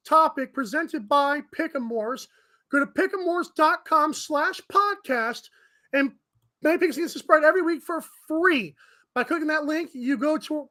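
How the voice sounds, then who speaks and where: A woman's voice: high-pitched, fairly bright tone. A woman co-hosting a sports radio show, blunt and sassy in her remarks. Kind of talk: casual sports talk.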